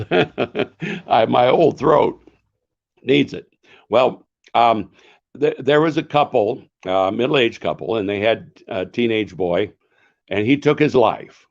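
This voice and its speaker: Slow-talking older man, author and pastor. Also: lowish voice, animated, lo-fi sound. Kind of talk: answering questions in a live author session.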